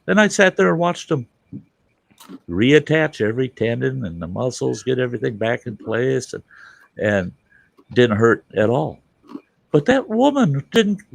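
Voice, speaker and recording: Gravelly guy on his live stream, swears a lot, voice bounces all over, dry sound. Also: medium pitch, no room sound. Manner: animated, swears freely, laughs through his stories. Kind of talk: casual storytelling chat.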